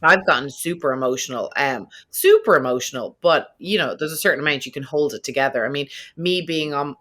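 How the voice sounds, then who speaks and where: A woman hosting a podcast who works in funeral service, chatting in a lively way and often acting out her own past remarks as quotes. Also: low voice, a little fast. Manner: animated storyteller who quotes herself. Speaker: podcast host and funeral professional. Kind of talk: casual interview chat. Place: New York.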